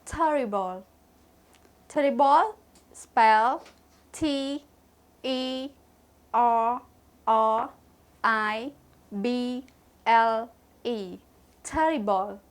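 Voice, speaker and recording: A woman's voice: on the high side, extremely slow, long pauses. A young woman teaching English words in a lesson, spelling each word letter by letter and repeating it. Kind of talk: slow vocabulary lesson with spelling and repetition.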